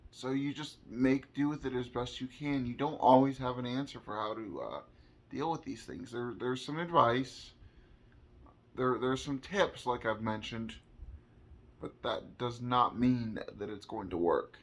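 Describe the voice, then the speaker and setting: A man talking earnestly from his own experience in a vlog, halting and repeating words as he searches for how to say things. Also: mid-range voice. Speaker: vlogger. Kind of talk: personal explainer monologue.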